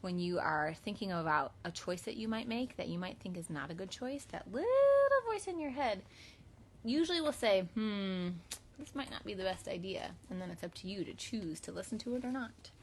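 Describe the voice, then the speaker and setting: A woman's voice: mid-range voice, big pitch swings, fairly quick, a little hiss or hum. A young woman who is both mother and teacher, singing songs and reading a picture book aloud to young children in an upbeat, sing-song way. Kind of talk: kids' song and read-aloud lesson.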